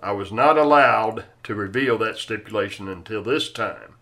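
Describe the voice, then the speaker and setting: A man's voice: on the low side, moderate pace, bright, forceful tone. A man voicing an estate-sale auctioneer who patiently repeats his calls for bids, in a plain everyday voice. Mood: solemn.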